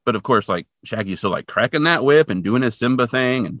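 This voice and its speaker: Blunt, wry male co-host, animated low voice, dry mic. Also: brisk, dry recording. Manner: wry, blunt, swears casually. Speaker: podcast co-host. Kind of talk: casual episode recap chat.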